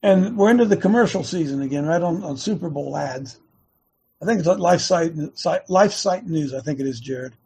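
A man hosting an online show, talking fast and emphatically, repeating words in bursts. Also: fairly high pitch, lively intonation, gravelly, dark tone, breathy edge. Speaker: host of an online activist show. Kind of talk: fast casual preaching talk.

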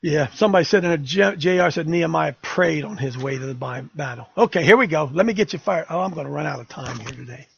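A man's voice: a little high, fast, creaky, few pauses, husky, dull audio. An older man hosting a talk radio show, fiery, emphatic and rambling.

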